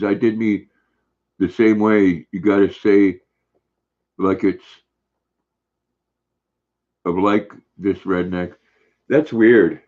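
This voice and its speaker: An older man hosting a casual livestream, reading viewer comments aloud in a relaxed, friendly, chatty way. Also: lowish voice. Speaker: livestream host. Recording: dull lo-fi stream audio.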